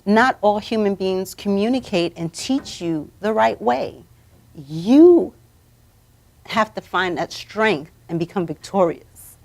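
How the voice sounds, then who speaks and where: A woman hosting a live talk show, coaching her guests to say affirmations out loud. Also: medium pitch, animated, takes it slowly, creaky. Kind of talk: motivational talk show chat. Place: studio or room, streamed live.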